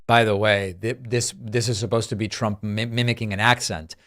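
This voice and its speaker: A man's voice: lowish voice, steady tone, moderate pace, fairly bright tone. A man hosting a political news commentary show, delivering dry, sarcastic remarks. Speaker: host.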